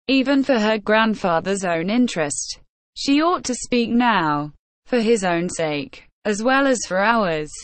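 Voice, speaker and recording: A woman's voice: mid-range voice, no room sound, natural voice. Woman reader doing a firm older engineer guy, decided, kinda commanding, dry sound. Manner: decided, authoritative.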